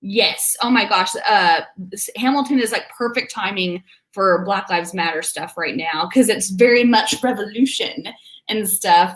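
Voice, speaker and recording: A young woman hosts a writing livestream from a room at home, her medium-pitched, slightly bright voice moving at a normal speed. She chats with viewers in a casual, bubbly way, and the room sounds echoey.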